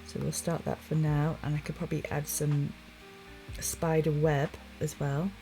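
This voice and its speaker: A sleepy woman streaming her drawing live, musing quietly to herself and greeting chat viewers. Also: sits low, level tone, moderate pace, faint music behind. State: sleepy, yawning.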